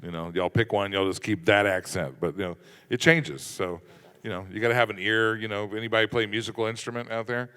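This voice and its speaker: A man's voice: lowish voice, fairly even intonation, quick pace, sharp tone, smooth. A man speaking as a panelist at a convention, talking loosely and casually with lots of fillers. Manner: loose, joking, lots of fillers like "you know" and "uh". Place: large convention hall. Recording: echoey convention hall.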